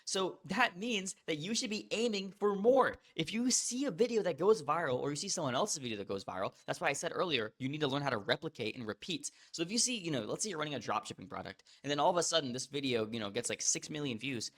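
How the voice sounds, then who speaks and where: A young man hosting an online course, talking casually and bluntly to the viewer with quick restarts. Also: on the high side, lively intonation, fairly bright tone. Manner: blunt, fast, repetitive restarts, addresses viewer as bro. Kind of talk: casual direct-to-camera teaching.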